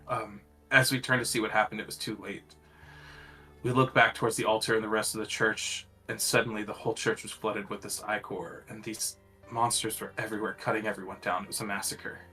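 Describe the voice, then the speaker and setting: A man's voice: fairly low pitch, sharp tone. A man voicing a shaken young woman hunter who halts as her voice breaks, with faint music behind. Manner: halting, voice breaking.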